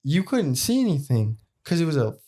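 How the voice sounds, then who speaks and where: Nineteen-year-old male guest, easygoing, halting, mellow dark tone. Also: a little high, very animated. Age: young adult. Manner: laid-back, halting, many "like" fillers. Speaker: podcast producer, guest. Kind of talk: casual chat.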